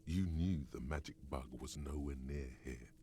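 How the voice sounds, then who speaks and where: The inner voice of a video game in a measured, grave way. The voice sits extremely low and rumbles. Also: male voice, warm tone. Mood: narrating. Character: deep, measured inner-voice narrator. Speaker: game narrator. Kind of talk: scripted game narration.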